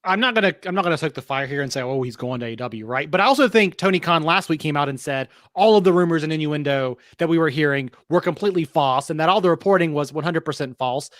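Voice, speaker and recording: Wry co-host man, high voice. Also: fast talker, few pauses, fairly bright tone, no room sound. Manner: opinionated, wry, rhetorical questions. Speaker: podcast co-host. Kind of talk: casual opinion chat.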